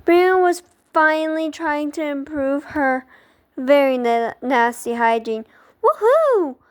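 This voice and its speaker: Slow, high-voiced woman reading a storybook. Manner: expressive, dramatic, with small stumbles. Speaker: reader of a children's book.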